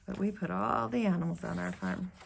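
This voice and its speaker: A woman teacher reading a picture book aloud to young children in a gentle, drawn-out storytime voice. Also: lowish voice, vocal fry, background noise.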